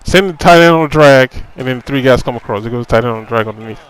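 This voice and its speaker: A man's voice: mid-range voice, quick pace, clean tone, low-quality recording. Frustrated man ranting over gameplay. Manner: repeats himself, fillers like "you know". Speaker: gaming commentator. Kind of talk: casual gameplay commentary.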